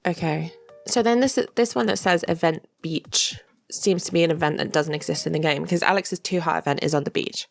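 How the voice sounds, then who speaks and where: A woman's voice: low voice, brisk, creaky, faint music behind. A woman giving chatty commentary on game dialogue, laughing often and adding wry asides. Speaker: video creator.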